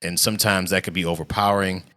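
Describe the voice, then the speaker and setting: Man with a very deep voice. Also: steady tone, fast, pushed and bright. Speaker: podcast guest, drummer. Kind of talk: casual interview chat.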